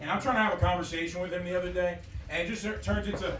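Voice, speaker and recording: A man's voice: high voice, steady tone, racing. A man from the Bronx with a New York accent doing a brash, crude stand-up set at a live comedy night. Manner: loud, brash and crude, riffing with the crowd. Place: comedy club with a live audience. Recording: echoey club room, distant mic, audience laughter.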